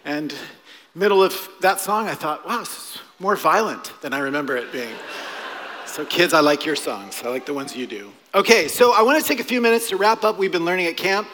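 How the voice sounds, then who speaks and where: A man in his forties, a pastor preaching a playful, animated sermon to a church congregation. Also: a little high, a little fast, slight background noise. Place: church sanctuary. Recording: long hall reverb.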